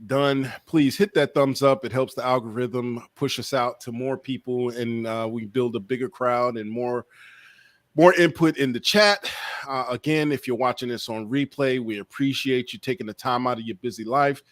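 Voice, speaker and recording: A man's voice: medium pitch, steady tone, normal speed, a bit bright, no echo. A man hosting a casual livestream chat, rambling with lots of fillers and trailing asides. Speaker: podcast host.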